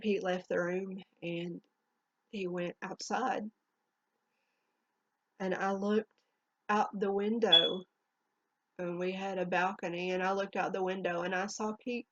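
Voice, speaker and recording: A woman telling a painful personal story in a halting, emotional way, her voice trembling near tears, in a dull lo-fi home recording. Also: mid-range voice, fairly even intonation, a bit bright, dry recording. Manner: halting, emotional, with restarts and long pauses. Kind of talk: personal spoken testimony.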